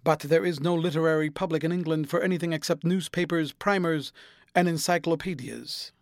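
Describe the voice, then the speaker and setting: A man's voice: on the high side, fairly even intonation, fairly quick, no echo, clean studio sound, close to an everyday voice. A man voicing a languid young aristocrat who speaks in witty, lightly mocking epigrams.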